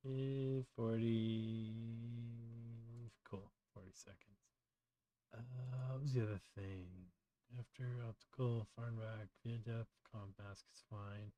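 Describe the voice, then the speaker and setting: A man's voice: lowish voice, steady tone, takes it slowly, pauses often, dark tone, dry recording. A man hosting a casual live tutorial, muttering to himself as he works and chatting through explanations with fillers. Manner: muttering to himself while working, trailing off. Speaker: host.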